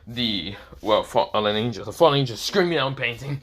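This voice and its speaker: A man's voice: medium pitch, lively intonation, brisk, hardly any pauses, very noisy. A man improvising a fan story, rambling with many restarts and swearing casually.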